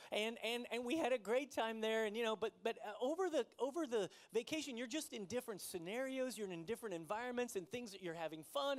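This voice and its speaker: A man in his forties preaching a conversational sermon, telling a story about himself and laughing often. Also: sits high. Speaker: pastor.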